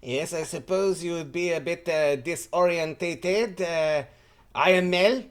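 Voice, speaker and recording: A man's voice: on the high side, unhurried, voice pushed up, natural voice. A man voicing a flamboyant, fawning floating casino guide with a put-on French flair. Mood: gracious. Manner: theatrical, fawning, full of French exclamations.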